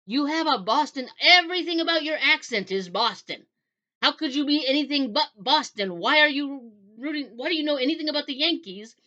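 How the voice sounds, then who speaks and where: A woman voicing an exasperated young female time traveler who protests rapidly and emphatically. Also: sits high, expressive, fairly bright tone, dull audio, voice pushed up, heavily acted.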